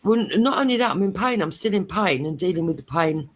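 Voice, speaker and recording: A woman's voice: lowish voice, quick pace, slightly rough. British woman on a chat podcast, swearing and cackling through a story. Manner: crude, laughing, animated storyteller. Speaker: podcast host telling a story. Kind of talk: casual chat.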